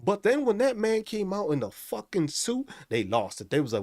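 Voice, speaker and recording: A male live stream host goes on a casual, animated rant full of constant profanity, his pitch swinging widely as he gets worked up. His voice sits a bit high and sounds dry and close to the mic, at a moderate pace with few pauses and no echo.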